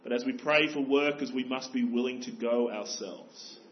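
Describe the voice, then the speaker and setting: A man's voice: mid-range voice, normal speed, lo-fi sound. A man preaching a sermon as pastor, earnest and exhorting, pressing his listeners with rhetorical questions.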